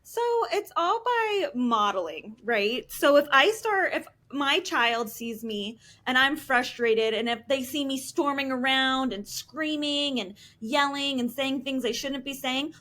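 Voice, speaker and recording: High-voiced woman counselor, earnest. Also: fairly bright tone. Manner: earnest, explanatory, frequent ums. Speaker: licensed professional counselor. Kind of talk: podcast interview guest.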